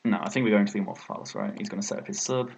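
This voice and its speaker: A man's voice: on the low side, very fast, breathy edge. A young British man commentating his own competitive game match, thinking aloud and often exclaiming at his own mistakes. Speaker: gaming video creator.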